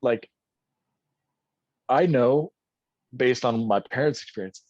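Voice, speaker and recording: A man's voice: medium pitch, slow, darkish tone, no room sound. A man in his thirties chatting casually as a podcast guest, rambling with many restarts; English is not his first language. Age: 30s. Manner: rambling, frequent restarts and fillers. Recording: dull dry sound.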